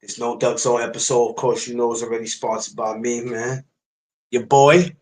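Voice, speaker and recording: A man in the host's chair of a boxing podcast, talking casually to his viewers in a loose, slangy way. His voice sits at an ordinary middle pitch for a man. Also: level tone, moderate pace, darkish tone, rough recording. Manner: loose and chatty, slangy greetings to the audience. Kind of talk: casual livestream podcast chat.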